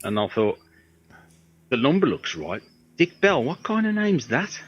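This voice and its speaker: A man's voice: mid-range voice, sing-song, a little slow, slightly rough. Middle-aged man spinning anecdotes. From Birmingham, England. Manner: rambling anecdotes, acts out quoted voices. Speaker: guest, guitar tech. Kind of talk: casual storytelling interview. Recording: dry, slightly dull audio.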